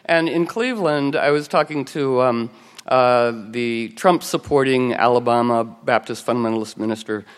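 A woman's voice: rumbling low, normal speed, clear, resonant tone, long reverb tail. A woman host telling rambling, playful anecdotes in casual chat, full of fillers and restarts. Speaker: radio show host, telling anecdotes as a guest.

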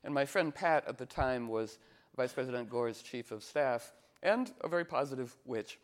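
A man's voice: mid-range voice, moderate pace. A man giving an informal spiritual talk as a teacher, telling playful stories and acting out the voices of people he quotes.

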